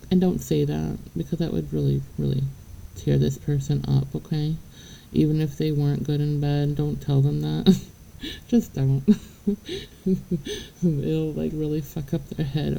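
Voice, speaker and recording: A woman's voice: low-pitched, gravelly, mellow, a little hiss or hum, rough recording. A woman giving a casual spiritual reading straight to the viewer, blunt and profane, chatty and laughing between points. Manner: blunt and profane, keeps checking in with "okay?". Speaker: tarot reader.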